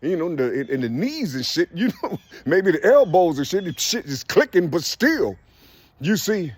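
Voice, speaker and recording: Husky, preachy man rambling outdoors. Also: fairly high pitch, sing-song, normal speed, no echo. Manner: preachy, rambling, repeats "you see?", laughs often; drops to a soft murmur when talking to birds.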